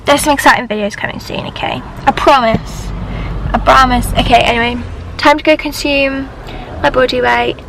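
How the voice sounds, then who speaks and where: A woman's voice: high-pitched, a little fast, creaky, background noise. A young British woman chatting casually to her viewers in a lifestyle vlog. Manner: chatty, talking straight to viewers. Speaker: lifestyle vlogger.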